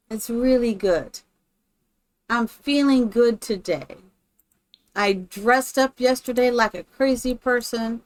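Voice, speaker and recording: A woman's voice: fairly high pitch, measured pace. A woman live-streaming, chatting casually and thinking aloud while she builds in a game, greeting her viewers by name.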